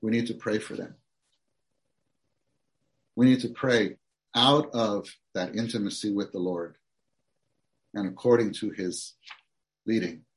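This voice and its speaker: A man's voice: lowish voice, measured pace, pauses often. A man preaching a sermon, reading outline points aloud and then expounding earnestly to the congregation.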